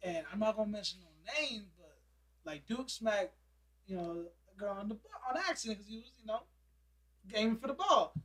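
A man's voice: high voice, brisk. A young man casually telling a funny story among friends, laughing and acting out what people said. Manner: animated, laughing, acts out quotes.

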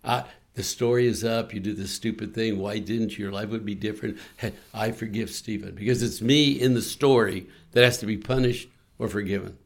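A man's voice: fairly low pitch, a little fast, few pauses. A man co-hosting a faith-based podcast, earnestly leading listeners through a spoken forgiveness prayer in a pastoral way. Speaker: co-host.

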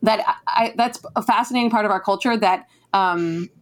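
A woman's voice: medium pitch, normal speed. A woman author from northern New Jersey with a New Jersey accent, chatting casually in an interview with lots of fillers. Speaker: author guest.

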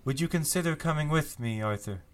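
A man's voice: on the high side, lively intonation, a little fast, voice pushed up, close to an everyday voice. A man voicing a betrayed female villain in a tabletop game, pleading melodramatically. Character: betrayed woman villain, theatrical.

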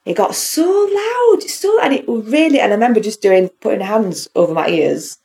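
A woman's voice: mid-range voice, lively intonation, normal speed, gravelly, dark tone. A woman from the North of England telling a ghost story in a casual podcast chat, acting out the voices in it and laughing often. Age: adult with a child. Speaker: podcast co-host.

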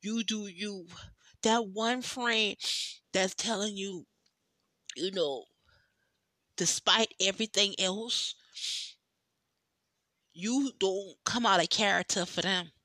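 Woman doing a podcast monologue, slow and heartfelt, bright voice, dry close mic. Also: medium pitch, no room sound. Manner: emotional, heartfelt, speaks straight to listeners; slow and drawn out, with long pauses. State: tearful, overwhelmed. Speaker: podcast host. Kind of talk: personal monologue.

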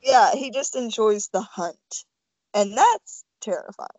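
A woman's voice: on the high side, expressive, slow, darkish tone, no room sound, low-quality recording. A woman co-hosting a casual film podcast, chatty and rambling, full of "like" and "you know". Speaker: podcast co-host.

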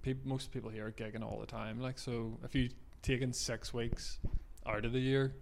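A man, a comedian talking casually in a quick, rambling way and laughing often. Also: medium pitch, little pitch movement, gravelly, a little hiss or hum. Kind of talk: casual chat.

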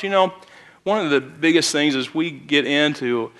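A youth pastor with a bright, forceful voice that sits a little higher than most men's. He delivers a sermon in a church, chatting through a story and then lifting into emphatic bursts. His speech carries a Midwestern American accent. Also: expressive, moderate pace. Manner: conversational storytelling with sudden emphatic rises. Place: church sanctuary.

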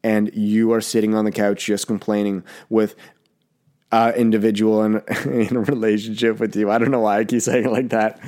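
Young male podcast host, a bit under the weather, low-ish voice, blunt and loose, curses casually. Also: flat delivery, moderate pace, darkish tone. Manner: blunt, rambling, swears freely. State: a little sick, coughing. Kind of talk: casual solo podcast monologue.

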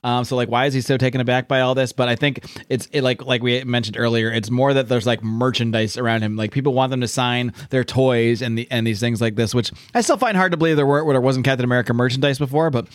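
A man's voice: mid-range voice, fairly even intonation, quick pace, hardly any pauses, no room sound. A man co-hosting a podcast, casually recapping a comic book in a chatty way and restarting his sentences often. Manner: chatty, restarts often, acts out characters in quotes. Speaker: podcast co-host.

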